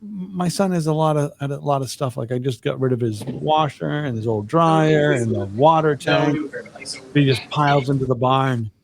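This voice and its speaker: A man's voice: medium pitch, normal speed, gravelly, background noise. A middle-aged man co-hosting a podcast, telling rambling, profane stories in casual chat. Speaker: podcast co-host.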